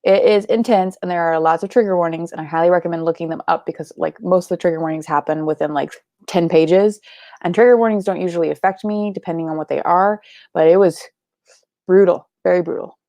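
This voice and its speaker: A woman's voice: fairly low pitch, fast talker, warm tone, dry recording, studio quality. A young woman hosting a live book club stream, chatting casually with lots of likes and ums and the odd swear word. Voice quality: creaky. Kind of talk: casual livestream chat reading comments.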